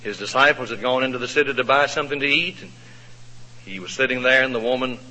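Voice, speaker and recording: A male preacher telling a Bible story in a sermon, folksy and expressive, asking the congregation questions. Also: medium pitch, fast talker. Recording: echoey hall, dull lo-fi sound.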